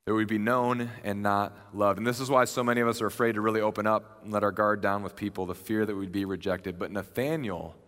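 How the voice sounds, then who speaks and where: A man's voice: fairly low pitch, quick pace, hardly any pauses. Earnest young male preacher in a hall. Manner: conversational and earnest, animated retelling. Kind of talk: sermon. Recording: long reverb of a large hall.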